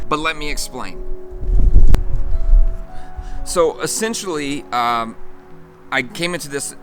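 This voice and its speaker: A man's voice: a little high, expressive, slow, pauses often. A man hosting a car vlog, talking in an upbeat, chatty way with fillers. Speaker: vlog host. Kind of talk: casual vlog chat. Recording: background music clearly audible.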